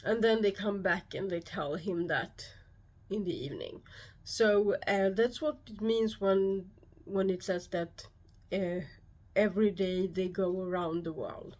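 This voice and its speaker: A woman speaking English with a Swedish accent hosts her own channel and explains her topic to the camera. She takes her time, calm and measured with frequent pauses, in an unhurried, slow delivery at a middle pitch. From Sweden. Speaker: YouTube host and shamanic practitioner. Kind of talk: solo explanatory talk to camera.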